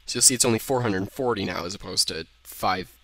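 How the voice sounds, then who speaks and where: In a dry recording, a young man casually talks through his code for a screen-recorded tutorial, thinking out loud and correcting himself as he types. His lowish voice is bright and forceful and moves a little fast, with typing heard behind him.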